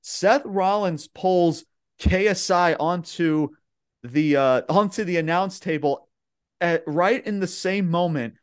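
A man's voice: sits high, takes it slowly, clean tone. A young man hosting a podcast, recapping wrestling matches in a rambling, casual way with lots of fillers and swearing. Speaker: podcast host.

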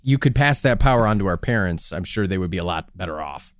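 A man's voice: low voice, animated, quick pace, dry recording, studio quality. A man from Minnesota co-hosting a podcast, rambling in casual comedic banter and laughing often. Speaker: podcast co-host.

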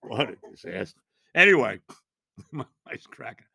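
Animated older man, bright dry voice. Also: mid-range voice, normal speed, gravelly, slightly rough, no echo. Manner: animated, rambling, repeats himself and laughs at his own story. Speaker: podcast host. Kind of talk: casual storytelling monologue.

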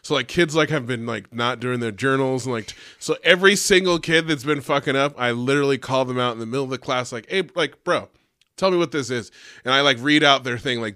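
A young man tells a rambling school story in a loose, profane way, leaning on "like" and acting out what everyone said. His voice is close and dry, with no room sound. His pitch sits in a middle range. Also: brisk, no echo. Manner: animated and profane, heavy use of "like", acts out quotes. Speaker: teacher. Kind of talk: casual storytelling chat.

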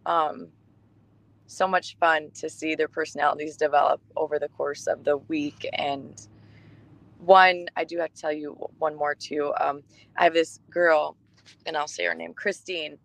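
A woman co-hosting a podcast, telling stories in casual chat, warm and emotional, with many restarts. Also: sits low, flat delivery, unhurried, vocal fry, dry recording, low-quality recording. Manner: chatty storytelling with restarts, emotional. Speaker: podcast co-host.

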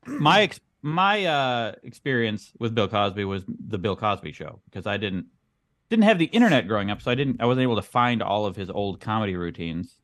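A man's voice: on the low side, very animated, brisk, a bit bright, dry recording. A man co-hosting a comedy podcast, talking in a dry, understated way. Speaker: podcast co-host. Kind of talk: comedic casual chat.

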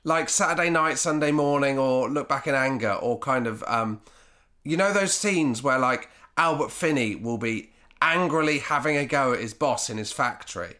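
A man's voice: mid-range voice, moderate pace, bright, forceful tone. A man in casual podcast chat, talking in a rambling, reflective way with lots of hedging fillers.

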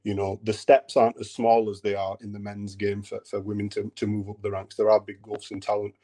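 Hesitant low-voiced man in his thirties. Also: monotone, brisk, mellow. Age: 30s. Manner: hesitant, many ums and restarts. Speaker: podcast co-host. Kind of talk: casual chat.

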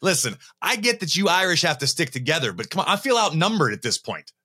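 A man's voice: a little high, very animated, fast talker, sharp tone. A man hosting a podcast, teasing his co-host in casual banter. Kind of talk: casual chat.

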